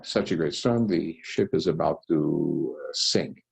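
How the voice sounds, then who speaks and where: A man, a rabbi, teaching a scripture study session and telling the story with animated voices for its characters. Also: extremely low pitch, measured pace, creaky, husky. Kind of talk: text study lesson.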